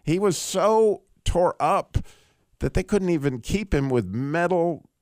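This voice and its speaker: A man hosting a radio call-in show, teaching through a Bible passage in a casual, animated way. He laughs often and restarts his sentences. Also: on the high side, slow, dry recording, clean studio sound.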